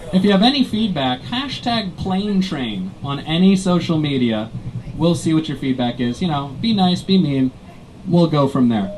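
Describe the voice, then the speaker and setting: Male stand-up, slightly high voice, dry self-mocking delivery, recorded over loud tram noise. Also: expressive, measured pace, poor audio. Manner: self-mocking, wraps up the show again and again. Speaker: stand-up comedian. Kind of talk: deadpan stand-up to commuters. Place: airport tram, indoors.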